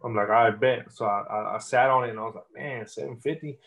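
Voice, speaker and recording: Laid-back profane rapper. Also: male voice, medium pitch, steady tone, quick pace, a bit bright. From Texas. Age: 30s. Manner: loose, profane storytelling with many fillers. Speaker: rapper guest. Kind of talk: casual interview.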